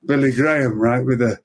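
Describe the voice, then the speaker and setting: Husky older Englishman telling stories. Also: medium pitch. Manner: chatty storyteller, laughs at own jokes. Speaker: podcast guest storyteller. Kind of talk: casual anecdote telling.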